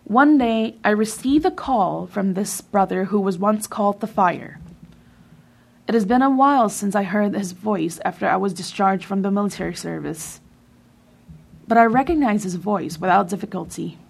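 Creaky woman reading a sermon. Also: mid-range voice. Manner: measured, with emphatic pauses. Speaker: sermon reader.

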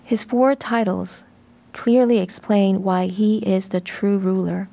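Woman, sermon voice-over, mellow dark tone, measured, even delivery. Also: mid-range voice, creaky. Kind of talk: translated sermon narration.

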